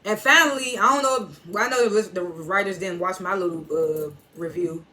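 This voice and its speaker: A woman's voice: mid-range voice, moderate pace, pushed and bright. A woman giving a casual, blunt TV episode recap, laughing often and adding loose asides. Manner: laughs often while retelling scenes; blunt and profane. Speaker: TV episode reviewer.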